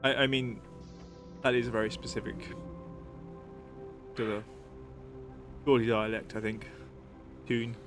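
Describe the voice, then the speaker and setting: A man's voice: lowish voice, level tone, a little slow, pauses often, over music. A man streaming a game and chatting casually, musing aloud with lots of fillers and restarts. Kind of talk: casual live-stream chat.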